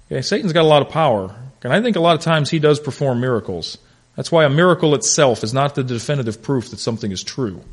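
A man teaching a Bible class in a conversational way, telling stories with animated delivery and calling on class members by name. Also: mid-range voice.

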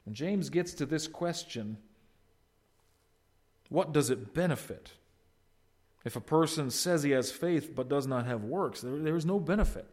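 A man's voice: fairly high pitch, animated, measured pace, pauses often. Emphatic male preacher. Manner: swings from loud emphatic peaks to quiet asides; asks the congregation questions. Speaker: pastor. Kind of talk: sermon.

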